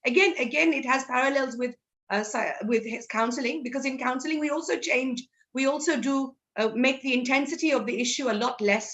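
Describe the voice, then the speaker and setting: Assamese-accented woman counsellor, higher-pitched, very rapid explainer. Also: fairly bright tone, muffled recording. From Assam, India. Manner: explanatory, mixes English with Assamese. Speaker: psychology counsellor. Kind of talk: interview answers.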